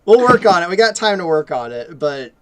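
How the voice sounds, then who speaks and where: A man's voice: high voice, very animated, a little fast, fairly bright tone, rough recording. Easygoing man hosting a stream Q&A. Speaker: host. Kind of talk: casual stream Q&A.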